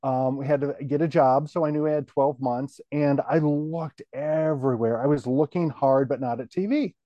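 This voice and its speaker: A middle-aged man, a guest on the show, telling his career story in a relaxed, rambling way full of "you know" fillers. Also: medium pitch, normal speed, dry recording, dull audio. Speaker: guest, TV station general manager.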